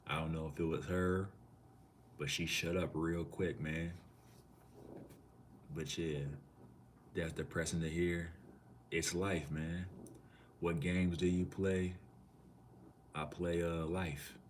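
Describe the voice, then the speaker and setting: A man's voice: sits low, level tone, slow, pauses often, a little hiss or hum. A man from Minneapolis streaming live in a loose, slangy way, reading out and answering chat comments.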